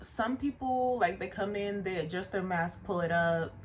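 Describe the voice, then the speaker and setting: A woman vlogger telling a story in a casual, animated way, often stopping to remind the viewer of details. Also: medium pitch, moderate pace, slight background noise. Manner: animated, chatty, repeats asides to the viewer.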